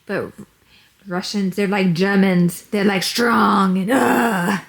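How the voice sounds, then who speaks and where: Woman, family vlogger at home, chatty and prompting, middle pitch. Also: level tone, slow pace. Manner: chatty, prompts her daughter with questions. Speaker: family vlogger, single mom. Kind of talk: casual chat. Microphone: handheld camera.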